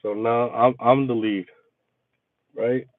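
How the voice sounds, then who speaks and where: A man's voice: mid-range voice, takes it slowly, dry recording. Venting man on a tinny line. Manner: profane, animated venting. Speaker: resort maintenance worker chatting with viewers. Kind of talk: casual storytelling chat. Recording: tinny phone-like, dry sound.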